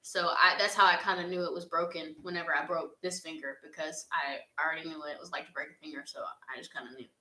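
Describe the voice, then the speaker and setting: A woman's voice: low voice, steady tone, fast talker, hardly any pauses, bright, forceful tone. A young woman answers fan questions in an earnest, heartfelt casual chat, with laughs along the way. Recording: echoey room.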